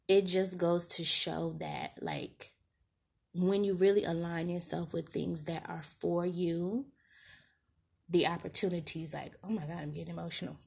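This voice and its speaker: A woman hosting a podcast speaks straight to her listeners in a candid, slangy, heartfelt monologue. Her voice is fairly low, gravelly and slightly rough, and her tone is casual and conversational.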